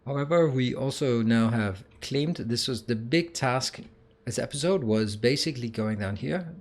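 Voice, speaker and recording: Hiccuping as he goes, a man who makes gaming videos on YouTube talks casually through gameplay changes, using fillers and restarting himself as he thinks aloud. He speaks in a mid-range voice at a moderate pace.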